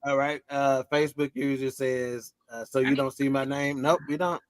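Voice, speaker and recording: Male host, casual and teasing, mid pitch, dry call audio. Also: fairly even intonation, normal speed, dry recording. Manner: easygoing, teasing, many fillers. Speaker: live show host reading viewer comments. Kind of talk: casual live-stream chat. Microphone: live stream video call.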